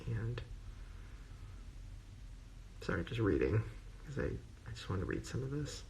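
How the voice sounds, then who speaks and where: A man's voice: fairly low pitch, very animated, measured pace, darkish tone, slight background noise. A man on a phone livestream, gushing and rambling in casual emotional talk full of fillers. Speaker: social media personality on a livestream.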